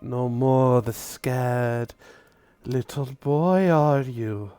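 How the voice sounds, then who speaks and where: A man's voice: mid-range voice, dark tone, clear, resonant tone, no room sound, soft background music. A man voicing a mocking female drow matron who is half spider, drawing out each word to taunt. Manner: slow, drawn-out, taunting.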